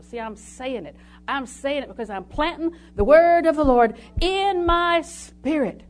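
Woman, sermon, folksy storytelling, scripture reading, slightly high voice, faint hum. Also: animated, moderate pace, hardly any pauses. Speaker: preacher.

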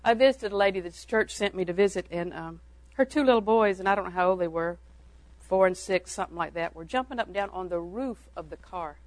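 An older woman speaks in a folksy, homespun storytelling manner, chuckling now and then as she moves from one anecdote to the next. Her voice sits at an ordinary middle pitch for a woman. The sound is dry and close, with no room echo. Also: quick pace. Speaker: church speaker on parenting. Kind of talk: folksy storytelling talk to an audience.

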